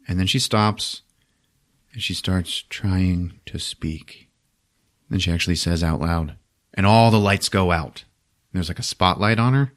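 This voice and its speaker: Recapping a movie for his podcast, a man with a deep voice takes an unhurried pace. He stays animated, curses a lot and leans on "like" constantly.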